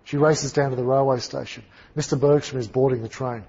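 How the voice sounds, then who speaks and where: Man giving a sermon, big dramatic swings loud to quiet, husky voice, muffled lo-fi sound. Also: medium pitch, fairly even intonation, a little fast. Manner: dramatic, emphatic storytelling with big swings in volume. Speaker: preacher.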